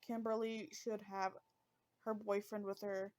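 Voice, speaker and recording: A woman's voice: mid-range voice, flat delivery, unhurried, darkish tone. A woman hosting a true-crime podcast in a casual, conversational way, visibly emotional and fighting back tears. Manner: conversational with fillers. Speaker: podcast host.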